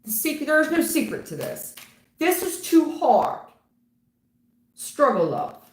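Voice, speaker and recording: A woman's voice: high voice, sing-song, a little slow. A woman reading tarot for viewers on a livestream, blunt and casual, calling people hun and baby, laughing and swearing. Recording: roomy echo with faint noise.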